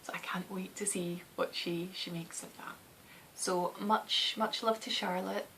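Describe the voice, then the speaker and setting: A woman in her thirties with a soft West of Scotland accent, rambling chattily on her knitting podcast, often laughing and dropping into a whisper. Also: lowish voice, steady tone, a little slow, creaky, slight background noise. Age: 30s.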